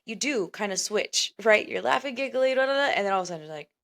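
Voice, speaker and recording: Casting: woman, 40s, podcast co-host, playful teasing banter, quick to laugh. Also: medium pitch, expressive, gravelly, a bit bright. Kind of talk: casual chat.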